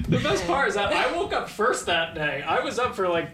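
A man's voice: sits high, big pitch swings, normal speed, far from the mic, a loud crowd. A man in a band telling a tour story in casual chat, wry and self-mocking. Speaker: band member. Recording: echoey room with loud noise.

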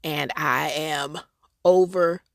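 A woman hosts her podcast, telling a personal story with feeling and bursts of laughter. Her voice sits fairly low and has a gravelly texture. The recording is dry and close, with no room sound. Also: takes it slowly, no echo. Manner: emotional, expressive storytelling with laughter. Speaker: podcast host.

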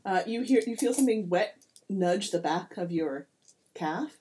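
Mellow-voiced woman game master. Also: mid-range voice, lively intonation, measured pace, slight background noise. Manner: playful, rambling, self-correcting. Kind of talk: narrating a comedic tabletop game.

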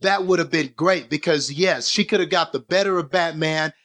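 A man, talking through a movie scene in a casual podcast chat, animated and rambling. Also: on the high side, moderate pace. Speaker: podcast co-host.

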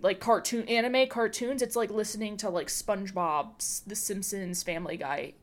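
A woman hosting a podcast, chatting casually and rambling with lots of fillers. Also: medium pitch. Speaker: podcast host.

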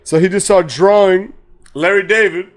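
A man's voice: sits high, normal speed. A man co-hosting a casual podcast, retelling a sitcom episode with lots of laughter and swearing, acting out the characters' lines. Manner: animated storytelling, acts out lines, laughs often, swears freely. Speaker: podcast co-host. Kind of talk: casual chat.

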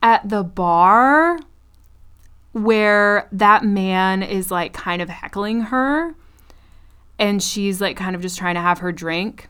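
A woman co-hosting a podcast, retelling a show in casual chat, animated and profane, laughing often. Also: medium pitch, slow pace, smooth. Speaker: podcast co-host.

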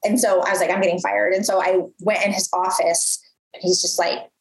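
A woman in her thirties telling a story from her career in a casual, animated way, full of fillers and acted-out quotes. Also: mid-range voice, brisk. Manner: animated, lots of "like", acts out quoted voices. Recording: roomy echo.

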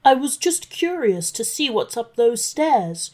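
A woman's voice: fairly high pitch, very animated, a little slow, dark tone. A woman voicing a nervous, bumbling Santa Claus, an old man who stammers and fibs cheerfully.

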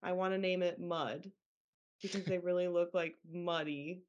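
A young woman co-hosting a podcast, bubbly and quick to react with enthusiasm. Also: on the low side, steady tone, a little mellow, muffled recording. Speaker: podcast co-host. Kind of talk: casual chat.

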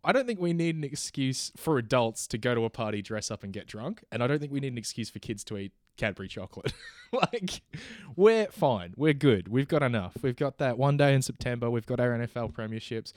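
A man's voice: mid-range voice, animated, a little fast, darkish tone, no echo, clean studio sound. A man co-hosting a podcast, arguing in a loose, laughing rant. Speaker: podcast co-host.

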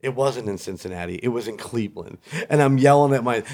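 A man's voice: medium pitch, animated, quick pace, darkish tone. A man who is a guest on a podcast, telling stories in an easygoing, laughing way. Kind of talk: casual podcast chat.

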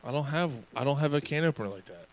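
A man's voice: on the high side, expressive, fast. A man hosting a podcast in casual chat, rambling and swearing a lot between laughs. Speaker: podcast host.

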